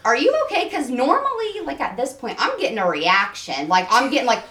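A woman's voice: on the high side, a little fast. A woman guest on a podcast, telling an anecdote in casual chat, full of "like" and swearing. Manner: animated storytelling, heavy on filler "like" and swearing. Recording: echoey room, far from mic, chatter behind.

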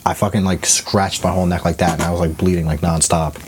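A man's voice: low voice, little pitch movement, quick pace, slight background noise. A young man co-hosting a podcast, telling stories in a rambling, profane casual chat full of fillers. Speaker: podcast co-host.

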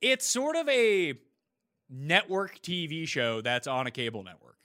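A man's voice: a little high, huge pitch swings, unhurried, bright, forceful tone. A man hosting a casual podcast debate, blunt and opinionated about TV shows. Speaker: podcast host.

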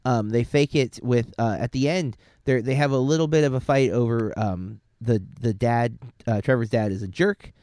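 A young man, a teacher, chatting casually about a movie in an animated, sarcastic way, acting out quotes as he goes. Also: mid-range voice, normal speed, hardly any pauses, dry recording, studio quality. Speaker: co-host reviewing a movie. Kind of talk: casual chat.

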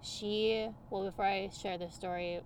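A woman talking as a guest on a podcast, coaching people on human design in a lively, chatty way full of everyday examples. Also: mid-range voice, unhurried, slight background noise. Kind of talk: casual conversational interview.

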